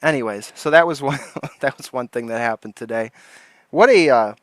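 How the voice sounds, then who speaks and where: A man's voice: mid-range voice, moderate pace, no room sound. A man hosting a casual livestream, telling rambling stories and laughing often. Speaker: livestream host.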